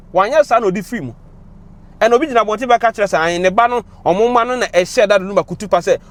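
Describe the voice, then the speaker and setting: Speaking to camera at a quick pace, a young Ghanaian man uses a high, expressive voice and a Ghanaian accent. He gives heated, emotional commentary, alternating between English and Twi.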